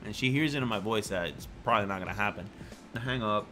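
A young man vlogging, telling a personal story in a casual, animated way, full of slang and crude jokes. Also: on the low side, fast talker, soft background music.

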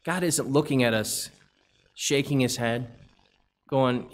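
A man's voice: mid-range voice, unhurried, long pauses. A man preaching a church sermon, asking a string of rhetorical questions and reading scripture aloud. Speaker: pastor.

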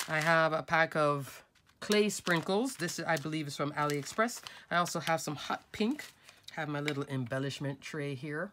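A middle-aged woman with a slightly low voice, sounding nasal from a cold, talks viewers through a craft project. Her delivery is chatty and informal, and she calls her audience folks and crafters as she works at her desk. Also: a bit bright, slight background noise. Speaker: craft tutorial host. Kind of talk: casual step-by-step craft tutorial.

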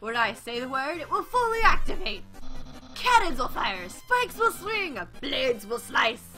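A woman voicing a boastful, theatrical male skeleton who announces his challenges loudly and dramatically. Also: high voice, very animated, a little slow, faint music behind, exaggerated voice. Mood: grandly boastful.

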